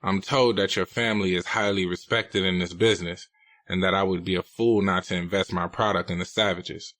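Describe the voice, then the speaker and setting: A man's voice: low voice, fairly even intonation, fairly quick, fairly bright tone, no room sound. A man reading a novel aloud, putting on the voice of a blunt drug supplier with a thick Spanish accent. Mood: commanding.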